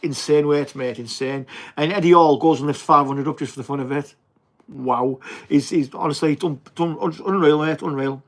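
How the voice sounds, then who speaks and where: A man's voice: fairly high pitch, moderate pace. A young man with a Teesside accent chatting casually on a livestream, answering viewer comments in a blokey, swearing manner. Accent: Teesside English. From England. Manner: chatty, blokey, swears and says mate often. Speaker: livestream host.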